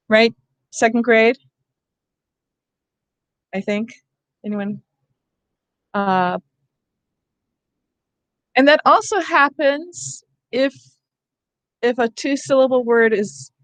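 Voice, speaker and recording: A woman's voice: on the high side, no room sound. A woman training teachers in a casual, conversational lecture, explaining spelling rules with frequent asides. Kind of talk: professional development lecture.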